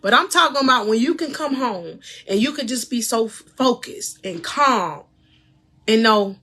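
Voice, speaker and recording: Fervent, bright-voiced female life coach. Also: fairly high pitch, expressive, normal speed. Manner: fervent, preachy, addresses viewers directly; laughs between phrases. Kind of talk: faith-based motivational livestream.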